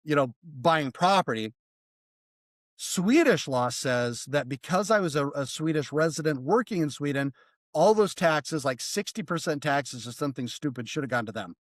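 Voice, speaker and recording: Animated man telling a story. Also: fairly high pitch, normal speed, dry recording. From United States. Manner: animated, swearing, mimics voices in quotes. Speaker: podcast guest. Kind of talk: casual storytelling.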